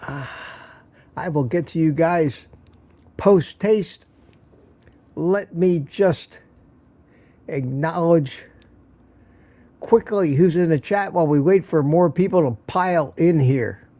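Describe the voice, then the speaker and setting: Chatty man hosting a warm-toned livestream. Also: fairly high pitch, slow, pauses often, no echo. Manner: chatty, greets viewers by name with small jokes. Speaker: livestream host. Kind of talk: casual livestream chat.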